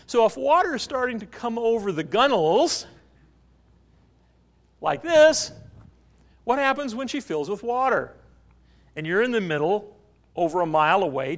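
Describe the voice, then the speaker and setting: A man preaching a sermon, telling a story and asking the congregation questions. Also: high-pitched. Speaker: pastor.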